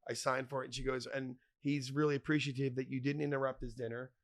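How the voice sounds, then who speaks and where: A man telling wild stories as a podcast guest, animated and profane, acting out other people's lines. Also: medium pitch, quick pace. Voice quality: animated, profane, acts out quoted voices. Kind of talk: casual storytelling.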